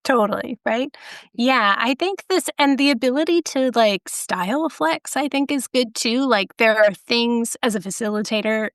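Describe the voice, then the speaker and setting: A woman's voice: fairly high pitch, moderate pace, dry recording, clean studio sound. A middle-aged woman, a podcast guest, telling a rambling, self-deprecating story in casual conversation.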